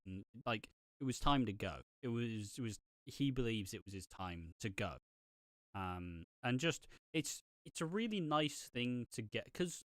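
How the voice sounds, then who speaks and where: Young man chatting in a crisp dry voice. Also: lowish voice, no echo. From United Kingdom. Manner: animated and opinionated, laughs between points. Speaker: soap opera reaction co-host. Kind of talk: casual chat.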